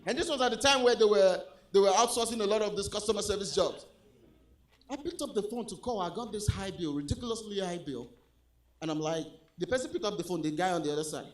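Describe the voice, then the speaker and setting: High-voiced Nigerian man doing stand-up. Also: fast talker. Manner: animated, shifts between loud punchlines and low confiding asides. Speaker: stand-up comedian. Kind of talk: stand-up comedy set. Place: comedy club stage with a live audience.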